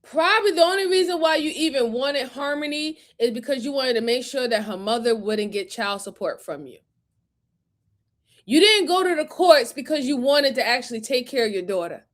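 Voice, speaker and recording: A woman's voice: high-pitched, lively intonation, moderate pace. A woman reacting to crime footage in a heated, emphatic way, cursing often and near tears with fury. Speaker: video commentator.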